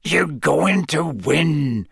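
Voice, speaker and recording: A man voicing a huge, gruff, kindly male gamekeeper, speaking slowly with a growl, in a storybook reading. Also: on the high side, lively intonation, fairly bright tone, dry recording, studio quality, voice pushed up, full character voice. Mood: encouraging. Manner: slow, growling.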